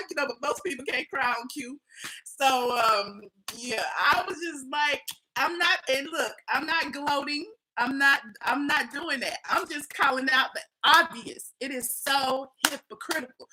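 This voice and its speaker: A woman hosting a livestream of gossip commentary, sassy and animated, often laughing. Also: sits high, unhurried, low-quality recording. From Atlanta, US. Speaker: host.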